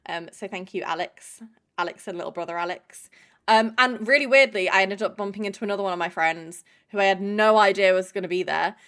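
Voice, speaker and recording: A woman's voice: mid-range voice, a little fast, fairly bright tone, clear, resonant tone. A young woman chatting casually on a live stream, swearing freely and greeting chatters by name.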